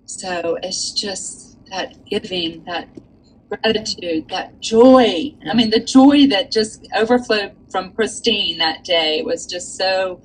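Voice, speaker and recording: A woman author, a guest, telling a personal story in an earnest, animated way with many fillers. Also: medium pitch, takes it slowly, slight background noise, low-quality recording. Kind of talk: storytelling in a casual chat.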